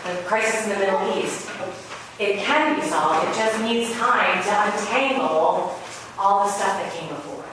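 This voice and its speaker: A woman's voice: on the low side, moderate pace. A woman giving a sermon, telling stories in a loose, conversational way. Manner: conversational storytelling. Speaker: spiritual speaker. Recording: very echoey room, voice far from mic, ambient noise.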